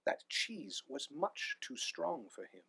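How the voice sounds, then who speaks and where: A man reading a rhyming picture book aloud with animated delivery. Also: on the high side, slow pace, creaky, husky, no echo. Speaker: storyteller.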